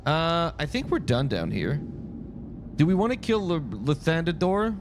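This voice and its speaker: Speaking at a measured pace with big pitch swings, this man from France has a voice on the high side. He streams a game and chats casually, rambling and interrupting his own stories, with slight background noise present.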